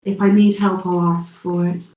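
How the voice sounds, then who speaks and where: A woman voicing a scowling, suspicious man in a tabletop game, curt and gruff. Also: fairly low pitch, little pitch movement, moderate pace, warm tone, echoey room, close to an everyday voice. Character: scowling suspicious man guarding his gear.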